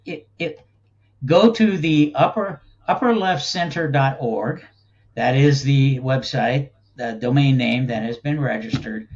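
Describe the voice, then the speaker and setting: A man's voice: medium pitch, lo-fi sound. A man speaking as a guest in a casual interview, rambling in a folksy way and laughing often. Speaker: guest, think tank cofounder.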